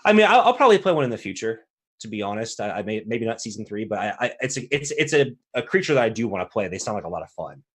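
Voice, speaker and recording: A man's voice: lowish voice, sing-song, fast. A man from South Carolina chatting casually on a podcast, laughing often and rambling with restarts. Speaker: player on the show.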